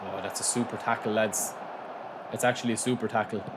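With a fairly low voice and a brisk pace, this gaming-channel host shouts excitedly through live commentary on his own match, addressing viewers as lads. The recording is very noisy.

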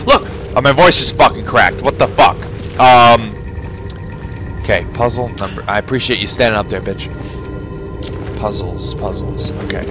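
A man commentating his own gameplay, swearing and sarcastic, muttering to himself through puzzles. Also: fairly low pitch. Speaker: gamer. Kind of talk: profane let's play commentary. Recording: game music behind. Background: game music.

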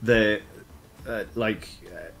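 A man's voice: fairly low pitch, very slow, a bit bright. A man running a tabletop game as dungeon master, rambling with many ums and restarts.

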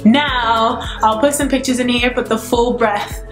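A woman from Nigeria vlogging casually at home, chatty and excitable, a little out of breath. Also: a little high, unhurried. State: a bit out of breath. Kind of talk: casual vlog to camera. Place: her apartment. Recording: roomy echo with faint music.

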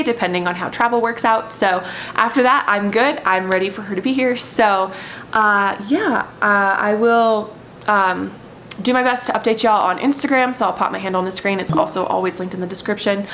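A woman's voice: medium pitch, fairly quick, fairly bright tone, a little hiss or hum, rough recording. A pregnant woman, chatting casually to camera in a rambling way. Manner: chatty, rambling, frequent "I was like" asides. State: heavily pregnant, has hiccups. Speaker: vlogger.

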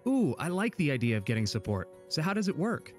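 A man's voice: a little high, very animated, fast talker, faint music behind. A man asking friendly questions in a scripted church explainer dialogue. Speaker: promo co-presenter.

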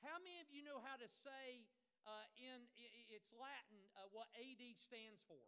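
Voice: mid-range voice, moderate pace, sharp tone, clear, resonant tone. A pastor preaching a sermon in a conversational way, repeating phrases for emphasis and joking with the congregation.

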